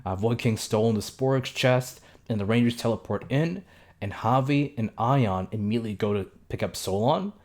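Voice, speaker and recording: A young man hosting a casual episode review, talking loosely with many fillers and self-corrections and tossing in quick impressions of the characters. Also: medium pitch, a little mellow. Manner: mimics characters' lines in quick asides. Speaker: show reviewer.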